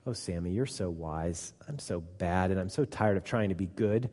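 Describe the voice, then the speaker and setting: A man voicing a young ewe who gets easily annoyed, read from a storybook in a low, dark, mellow voice. The voice rings with the long reverb of a church hall. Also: moderate pace, slightly rough. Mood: soft wondering. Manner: read-aloud storybook voice, mostly soft. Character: young female sheep, easily annoyed, then humbled.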